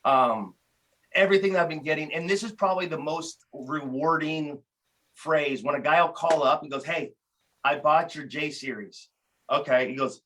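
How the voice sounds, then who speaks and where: A man chats as a podcast guest in a bright, forward voice that sits a little high for a man. He tells animated stories, restarting his sentences often as he goes. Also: normal speed, poor audio. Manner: animated storyteller, many restarts. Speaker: guest, tool company founder. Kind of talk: casual podcast conversation.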